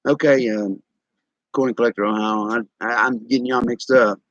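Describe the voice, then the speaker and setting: A man's voice: mid-range voice, steady tone, moderate pace, a bit bright, no echo, muffled recording. A man in his sixties from Tennessee with a Southern accent, casually telling folksy stories to his stream viewers. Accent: East Tennessee Southern. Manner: drawling, folksy, chuckling storyteller. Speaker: live stream host. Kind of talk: casual storytelling to chat viewers.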